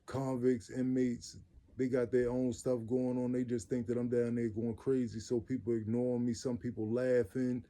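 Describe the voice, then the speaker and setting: A man tells his own story in loose, everyday speech. His voice is mellow and dark, set at an ordinary middle pitch. He talks earnestly and leans on repeated phrases for weight. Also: level tone, normal speed. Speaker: vlogger telling his own life story. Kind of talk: casual personal storytelling.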